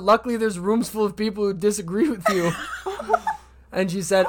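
A man's voice: sits high, fairly even intonation, a little fast, noisy background. A young man, a comedian, telling a crude dating story in casual podcast chat.

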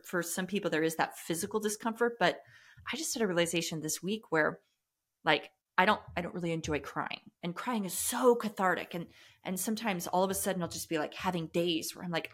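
A trauma coach appearing as a podcast guest talks in an earnest, reflective way, frequently restarting her sentences in candid conversation. Her voice is medium in pitch and a bit bright.

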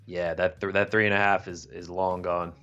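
A man's voice: deep voice, flat delivery, moderate pace, sharp tone, lo-fi sound, faint music behind. A man co-hosting a sports betting podcast, laid-back, tossing in short agreeing replies. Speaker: podcast co-host. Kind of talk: casual betting chat.

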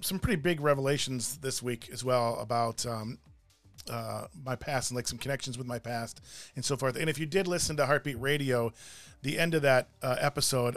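Another take of the Irish-heritage man co-hosting the faith and family talk show, his voice medium in pitch with no room sound. He rambles emotionally in casual chat, frequently cutting himself off mid-sentence, into a studio mic with a cough button.

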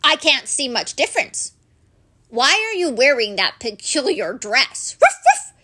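A woman's voice: sits high, big pitch swings, measured pace, sharp tone, exaggerated voice. A woman putting on a yapping rude little dog. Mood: rude, boastful. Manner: barks between every few words. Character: loud boastful rude little male dog.

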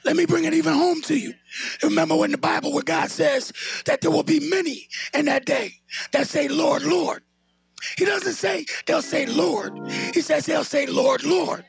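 A man's voice: very high-pitched, fairly even intonation, normal speed, gravelly, soft background music. A man preaching a sermon, calling on the congregation to answer him and building into a sung, whooping delivery. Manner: calls on the congregation to respond, rising into a sung whoop.

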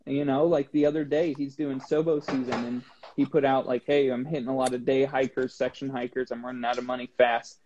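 A man's voice: mid-range voice, a little fast. A man who is a guest on the show, telling a story in a casual chat and acting out the dialogue with animation. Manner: animated retelling with acted-out dialogue. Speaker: guest, long-distance hiker. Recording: dull lo-fi sound with faint noise.

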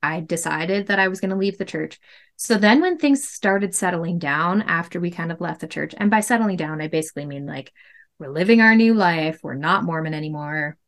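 A woman's voice: on the low side, moderate pace. A woman in her thirties telling her own story as a podcast guest, candid and emphatic, full of "like" fillers. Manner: animated, emphatic, many "like" fillers.

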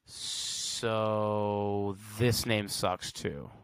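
A man's voice: lowish voice, steady tone, very slow, clear, resonant tone, no room sound. A man hosting a solo podcast in a casual, slangy way, reading facts aloud and reacting with blunt verdicts. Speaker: podcast host.

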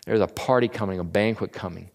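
A man's voice: fairly low pitch, quick pace, vocal fry. Casual male Bible teacher, reverberant hall. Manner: conversational, acts out quotes in slangy voices. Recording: long reverb of a large room.

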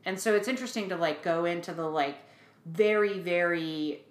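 A woman's voice: fairly low pitch, normal speed, roomy sound. A woman in her forties co-hosting a podcast, chatting casually and animatedly, with lots of fillers. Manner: chatty, animated retelling with fillers and quoted voices. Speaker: podcast co-host. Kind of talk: casual chat.

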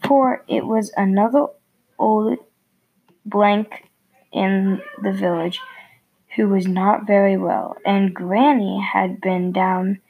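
A woman reading a fairy tale aloud in a gentle storybook manner, with a few slips. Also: medium pitch, fairly even intonation, slow pace, breathy edge, narrow, tinny audio.

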